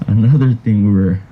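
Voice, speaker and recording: A man speaking at a cousin's graveside, telling funny memories in a halting way with restarts. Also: lowish voice, lo-fi sound, slight background noise. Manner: halting, with restarts and soft trailing phrases. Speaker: cousin giving a eulogy. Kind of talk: graveside eulogy with anecdotes. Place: outdoors at a graveside.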